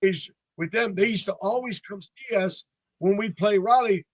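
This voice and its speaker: A band frontman in his sixties from North Carolina, USA, chats through stories in a casual interview, acting out other people's lines. His voice sits high at a normal speed, with no echo.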